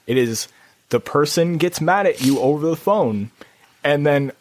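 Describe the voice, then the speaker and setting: A man co-hosting a gaming podcast, telling a rambling story in casual chat with lots of restarts and sudden jumps in pitch. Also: expressive, a little slow, slight background noise. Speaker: podcast co-host. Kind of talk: casual chat about video games.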